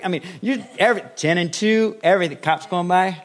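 A middle-aged man preaching a sermon as pastor, lively and playful, acting out little scenes as he teaches. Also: high voice, a little fast, hardly any pauses.

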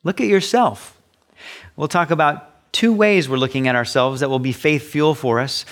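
A man's voice: normal speed, fairly bright tone. Emphatic male preacher. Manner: emphatic preaching, pitch rising sharply on quoted asides. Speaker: pastor. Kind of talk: sermon.

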